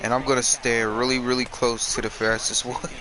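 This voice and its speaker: A man's voice: mid-range voice, a little fast, low-quality recording. A young man chatting and swearing casually while playing a baseball video game. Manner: profane, animated banter. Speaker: gamer. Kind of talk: casual gaming commentary. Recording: game crowd noise behind.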